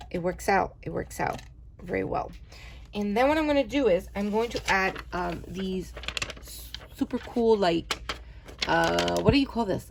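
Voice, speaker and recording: A woman's voice: fairly low pitch, vocal fry, noisy background. A woman vlogger chatting through her craft projects, gushing and often correcting herself. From New York. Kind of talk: casual show-and-tell narration.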